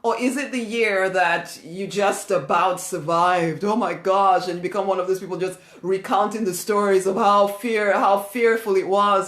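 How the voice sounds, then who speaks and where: A woman delivering a spiritual pep talk in an emphatic, repetitive manner, laughing here and there between her points. Her voice sits at an ordinary middle pitch. The recording carries a noticeable roomy echo. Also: steady tone, normal speed, hardly any pauses, a bit bright. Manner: emphatic, repeats key phrases, laughs often. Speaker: motivational speaker.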